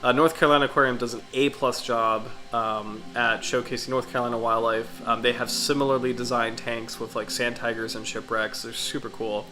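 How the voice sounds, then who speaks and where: A man's voice: medium pitch, little pitch movement, brisk, few pauses, bright, forceful tone, low-quality recording. A congested, sniffly man hosting a casual livestream, rambling enthusiastically with many fillers and restarts. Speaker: livestream host.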